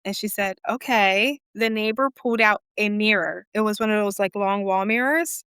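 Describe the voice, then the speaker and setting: A woman co-hosting a podcast, telling a story in a casual, animated way, acting out quoted voices with sassy asides. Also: mid-range voice, moderate pace, smooth, no room sound, clean studio sound. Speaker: podcast co-host.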